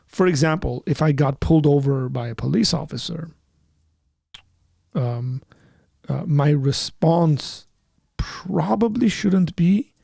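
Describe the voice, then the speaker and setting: A man's voice: fairly high pitch, slow pace, vocal fry, long pauses, mellow, dry recording, studio quality. A man hosting a live call-in panel, talking conversationally and emphatically and telling a personal story. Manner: conversational and emphatic, rising sharply when heated; acts out both sides of remembered dialogue. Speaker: host of a call-in apologetics panel.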